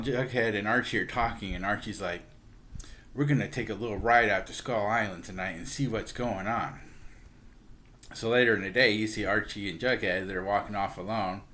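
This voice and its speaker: A book reviewer with a lowish, fairly bright voice casually retells a comic book story at a fairly quick clip. He's chatty, acting out the characters' lines with plenty of "he's like" and chuckling here and there.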